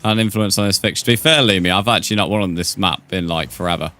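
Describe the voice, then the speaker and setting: Low-voiced man chatting on a game stream. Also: fast talker, bright, forceful tone. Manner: chatty, calls viewers "mate". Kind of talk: casual live-stream chat.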